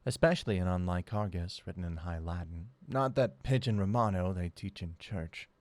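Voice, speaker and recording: A man's voice: low voice, moderate pace, darkish tone, dry recording. A man reading a first-person audiobook with wry, sardonic storytelling. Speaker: audiobook narrator.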